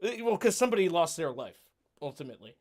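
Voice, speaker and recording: A man with a fairly high voice hosts a casual podcast chat. He talks earnestly, hunting for words and restarting his sentences. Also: sing-song, fast. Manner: earnest, hesitant, full of fillers and restarts. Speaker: podcast host and streamer.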